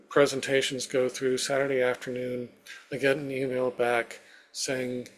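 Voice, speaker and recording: A man's voice: mid-range voice, monotone, a little slow. A man as an interview guest, telling a personal story step by step with many "you know" fillers.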